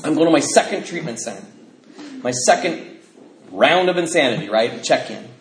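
A man telling his recovery story to an audience as an animated storyteller who laughs as he talks. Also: medium pitch, normal speed. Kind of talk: personal testimony to an audience. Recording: echoey room with faint noise.

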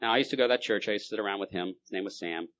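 A man's voice: lowish voice, very fast, a bit bright, lo-fi sound. A man giving a personal testimony at a recovery meeting, telling his story in punchy bursts with repeated phrases.

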